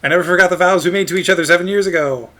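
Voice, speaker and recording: A man's voice: high voice, lively intonation, measured pace, fairly bright tone, voice pushed up. A man voicing a pushy young fish-princess who claims the hero as her fiancé, in an overblown mock French accent. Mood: reproachful. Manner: dramatic, pleading, overblown.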